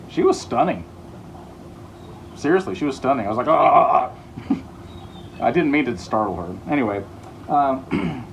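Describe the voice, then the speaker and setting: A man hosting a home renovation vlog, telling jokes and stories in a playful, deadpan way. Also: mid-range voice, heavy reverb, recorded from a distance, a little hiss or hum, poor audio. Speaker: host of a home renovation show. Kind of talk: joking storytelling while renovating.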